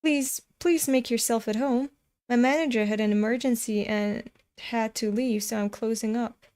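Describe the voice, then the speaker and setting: A woman voicing a gentle, kind young woman who is a little shy and eager, with a sweet, bright delivery. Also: a little high, steady tone, normal speed, lightly acted.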